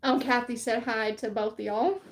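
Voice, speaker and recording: A woman's voice: fairly high pitch, fairly even intonation, moderate pace, slight background noise. A woman with a Southern accent hosting a casual crafting livestream, talking easily through each step as she works. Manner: easygoing, explains steps while working.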